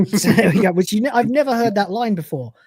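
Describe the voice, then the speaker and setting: A man's voice: high voice, animated, fast talker, a little mellow, husky, no room sound. A man hosting a podcast, recapping a TV episode in a chatty, rambling way and laughing often. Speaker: podcast host.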